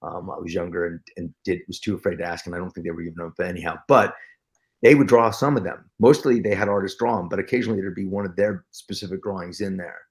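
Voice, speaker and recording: Male guest, lower pitch, excitable storyteller, stumbles and restarts often. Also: fast. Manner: excitable, with many restarts and acted-out quotes. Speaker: guest actor. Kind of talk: storytelling interview chat.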